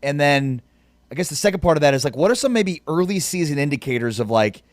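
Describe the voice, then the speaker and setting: A man's voice: on the high side, expressive, quick pace, no room sound. A man hosting a sports radio show, asking curious, chatty questions in a casual interview.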